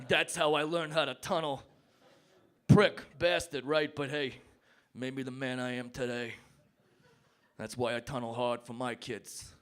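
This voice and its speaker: Brash high-voiced comic debater. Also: male voice. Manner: brash, mock-tough, swinging between shouting and mock-sobbing. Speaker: comedy debater. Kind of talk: stand-up comedy argument. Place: pub stage before a live audience.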